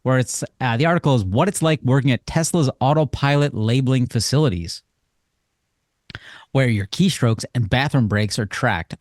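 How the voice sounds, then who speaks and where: A man's voice: medium pitch, moderate pace, no echo, studio quality. A man co-hosting a podcast in casual chat, joking and sarcastic as he sums up news stories. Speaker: podcast co-host.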